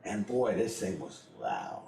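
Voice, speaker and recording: A man's voice: low-pitched, huge pitch swings, unhurried, vocal fry, dark tone, roomy sound, a little hiss or hum, rough recording. A middle-aged man telling a personal story in a blunt, profane way, laughing often as he goes. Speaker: interviewee.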